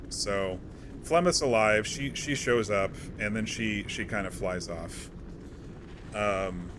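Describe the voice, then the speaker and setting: A man's voice: fairly low pitch, fairly bright tone, a little hiss or hum. A man streaming a video game, giving casual gameplay commentary in a chatty, rambling recap full of self-corrections.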